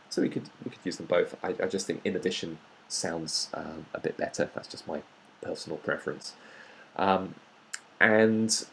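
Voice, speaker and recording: A man's voice: fairly low pitch, a little mellow, rough recording. A man giving a patient grammar lesson as a tutor, explaining step by step with frequent ums.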